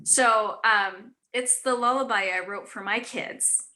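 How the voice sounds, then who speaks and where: Earnest mom-author lady on a live chat, bright higher voice, lots of ums and restarts. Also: slow pace. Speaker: author guest.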